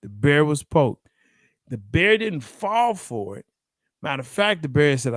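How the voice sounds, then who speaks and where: Animated man hosting sports talk. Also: on the high side, measured pace, dry recording, clean studio sound. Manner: animated, laughs often, acts out quotes. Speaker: sports show host. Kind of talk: casual sports debate.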